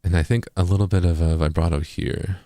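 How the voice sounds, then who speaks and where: Very deep-voiced man explaining vocal tuning. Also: fairly even intonation, fairly quick, mellow, no echo, studio quality. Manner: explanatory, keeps asking "right?". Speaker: music producer. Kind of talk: casual tutorial stream.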